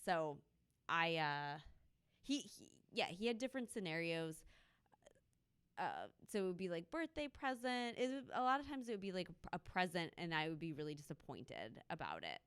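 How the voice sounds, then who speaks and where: A woman's voice: fairly low pitch, sing-song, normal speed, a bit bright, clean tone. A woman co-hosting a podcast, chatting casually and laughing often as she rambles through anecdotes. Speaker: podcast co-host. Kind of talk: casual chat. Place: live show in a loft venue.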